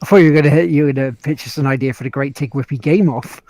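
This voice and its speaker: A man's voice: medium pitch, racing, a little mellow, a little hiss or hum. A man co-hosting a casual podcast chat, jokey and laughing often, putting on mock posh voices. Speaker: podcast co-host.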